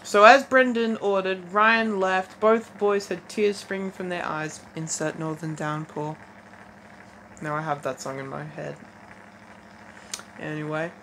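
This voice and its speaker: Reading fanfiction out loud in a haltingly casual way, a teenage girl keeps restarting lines and adds wry asides between sections. She has a fairly low, fairly bright voice with fairly even intonation, heard through poor audio with faint noise behind it.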